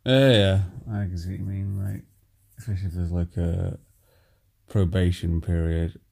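Deep gravelly man hosting a podcast. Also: flat delivery, normal speed, mellow. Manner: easygoing, thinks aloud with fillers. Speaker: podcast host. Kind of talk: casual chat.

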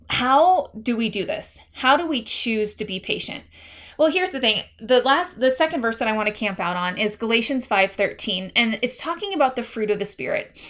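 A woman's voice: on the high side, fairly bright tone. A woman in her thirties hosting a faith-based parenting podcast, talking in an earnest, confiding way and reading scripture aloud. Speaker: podcast host.

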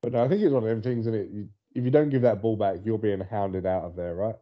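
This sports podcast co-host has a fairly low-pitched voice and a quick pace. He keeps things casual, chatting through stories and laughing often, all on dull, lo-fi audio.

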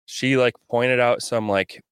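A man's voice: medium pitch, fairly even intonation, a little slow, fairly bright tone, clean tone, no echo, clean studio sound. A young man co-hosting a podcast, telling a rambling, profane story in casual chat. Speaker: podcast co-host.

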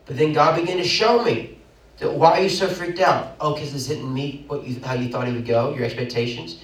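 A young man preaches a sermon, swinging from quick asides into loud, high-pitched bursts. His voice sits slightly high for a man. He is caught from a distance in a roomy, echoing church. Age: young adult. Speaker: pastor. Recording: roomy echo, mic at a distance.

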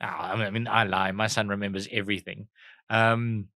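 South African man, 30s, comic podcast host; bright, punchy delivery, dry mic. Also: on the low side, flat delivery, no room sound. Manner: jokey, quick, mock accents for laughs. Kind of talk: casual comedic chat.

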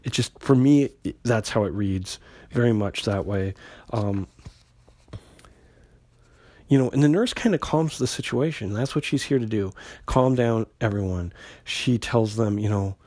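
A man with a fairly low, slightly mellow voice talks at a measured pace with long pauses, and there's no echo. Hosting a comic book podcast, he casually recaps an old issue, rambling with many fillers and restarts while loosely paraphrasing characters.

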